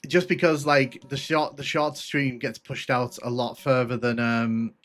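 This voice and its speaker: A man's voice: mid-range voice, flat delivery, a little slow, fairly bright tone, slight background noise. A man giving casual, rambling commentary on a live game stream, answering chat with many restarts and fillers.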